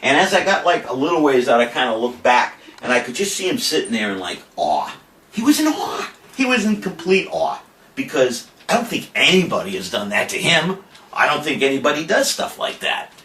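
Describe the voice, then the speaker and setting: A man's voice: mid-range voice, very animated, fairly quick, sharp tone. An older man giving a farewell message, then telling a story in a boastful, profane, theatrical way. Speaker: cannabis activist giving a farewell video. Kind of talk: animated storytelling to an audience. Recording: roomy, distant mic, faint noise.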